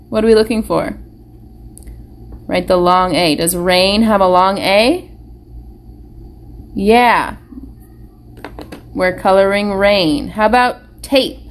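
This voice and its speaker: A woman's voice: mid-range voice, slow pace, pauses often. A woman teacher giving a live online phonics lesson to young children, patient and encouraging, asking them question after question.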